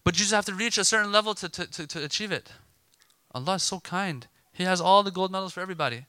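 Guy giving a sermon, super bright tone, dry close sound, gets loud and emphatic. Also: sits high, quick pace, smooth, no room sound. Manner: animated, emphatic, voices imagined dialogue. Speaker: preacher.

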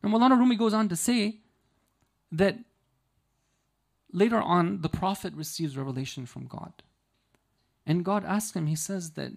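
A man's voice: high voice, gravelly. Male preacher, earnest teaching sermon, storyteller pacing, rhetorical check-ins. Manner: earnest, explanatory, with frequent rhetorical "right?" checks; storytelling, slowing down to stress key lines. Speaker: religious lecturer.

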